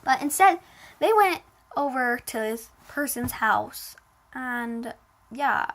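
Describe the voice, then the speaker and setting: A woman's voice: high-pitched, expressive, slow, fairly bright tone. A woman casually telling a personal story. She fills her talk with "like" and retells it in a dramatic, emotional way.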